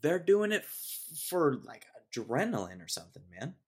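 A man's voice: on the high side, very animated, normal speed, husky. Rambling young guy hosting a solo podcast. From Texas. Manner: rambling, laid-back, says dude a lot. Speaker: podcast host. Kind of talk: solo casual rant.

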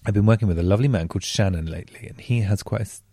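A man's voice: on the low side, very fast. A man hosting a podcast, chatting in an earnest, casual way from home, with many fillers. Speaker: podcast host. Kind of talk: casual chat. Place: at home in bed.

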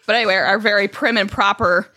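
Bright, animated woman telling family stories. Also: medium pitch, fast. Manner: animated, swears freely, acts out quotes. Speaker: podcast co-host. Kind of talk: casual storytelling chat.

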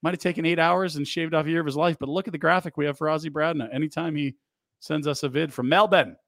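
A man's voice: a little high, steady tone, quick pace, a bit bright, no echo. A man in his forties hosting a sports radio show in a studio, joking and teasing in casual banter.

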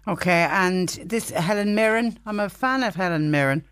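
A man hosting a radio show, relaxed and friendly, leading the chat with questions. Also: high voice, moderate pace, smooth, no room sound. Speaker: radio host.

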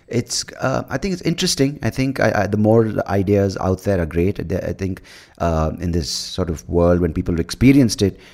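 A man's voice: low-pitched, darkish tone. A man hosting a casual solo podcast, leaning close to the mic, rambling with many fillers and swearing freely. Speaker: podcast host.

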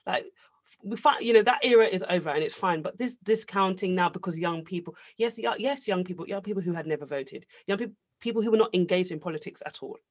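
A man with a notably high voice, talking politics in a loose chat. He jumps in often and hammers his points by repeating words. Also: fast. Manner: emphatic, interrupts, repeats words for stress. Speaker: podcast co-host. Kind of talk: casual political debate.

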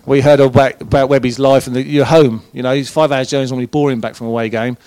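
A man's voice: mid-range voice, fairly even intonation, quick pace, a little mellow, no room sound, studio quality. A former footballer, a man, telling colloquial, swearing anecdotes as a guest at a live event. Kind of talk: casual live storytelling. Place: event room with a live audience.

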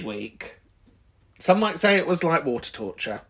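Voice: mid-range voice, sing-song, normal speed, fairly bright tone. A podcast host chatting casually, swearing freely and laughing often while answering callers. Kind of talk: casual chat.

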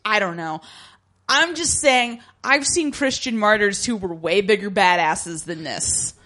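A woman's voice: medium pitch, animated, pushed and bright. Sarcastic woman recapping a show. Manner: sarcastic, quick asides, acts out lines in funny voices. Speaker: podcast co-host. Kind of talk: casual recap chat.

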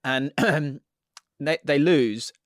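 A man's voice: on the high side, drawn-out words, no room sound, clean studio sound. A man co-hosting a podcast in casual football chat, rambling and giggling, often trailing off mid-sentence. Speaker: podcast co-host.

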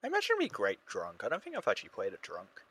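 A man's voice: fairly low pitch, huge pitch swings, racing, a bit bright, husky, poor audio. A young man co-hosting a podcast, joking and irreverent in casual chat. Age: young adult. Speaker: podcast co-host.

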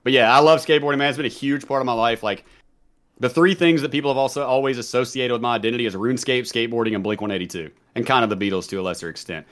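A man's voice: medium pitch, very fast, fairly bright tone. A man in his thirties with a mild Southern American accent, chatting casually as a podcast guest, rambling and laughing as he goes. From Southern United States. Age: 30s.

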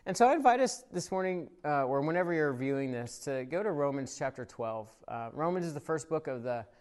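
A man's voice: a little high, brisk, smooth. Conversational pastor preaching a sermon, man. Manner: conversational storytelling with frequent fillers; grows animated and louder in the story, soft when reflecting. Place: church service, recorded for online viewers.

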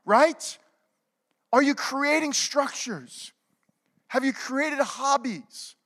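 A middle-aged male pastor preaching a sermon, calling for amens, moving between loud exhortation and hushed, whispered confession. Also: very high-pitched, lively intonation, slow, long pauses. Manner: calls for amens from the congregation. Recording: long hall reverb.

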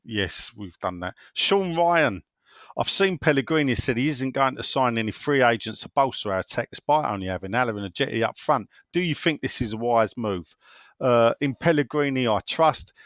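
A man's voice: medium pitch, lively intonation, normal speed, fairly bright tone, no echo, studio quality. A man hosting a casual football podcast over a remote call, rambling, swearing and chuckling to himself. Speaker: podcast host.

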